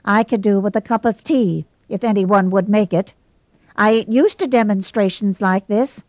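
A woman's voice: medium pitch, moderate pace, dry recording, lightly acted. A woman voicing a blunt, belligerent older aunt in a storybook reading. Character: blunt meddling old aunt. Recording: dull lo-fi recording.

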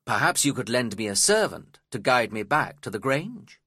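A polite young gentleman visitor speaks with eager, slightly awkward cheer, as a man reading the story puts him on. His pitch rises and falls in lively swings over a bright tone. The sound is dry and close. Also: normal speed, husky, no room sound, heavily acted.

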